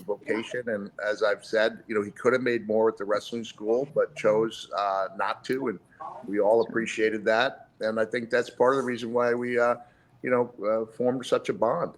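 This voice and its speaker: Brief: man guest, low voice, thoughtful and halting. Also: flat delivery, poor audio. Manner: thoughtful, many fillers. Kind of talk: reminiscing in conversation.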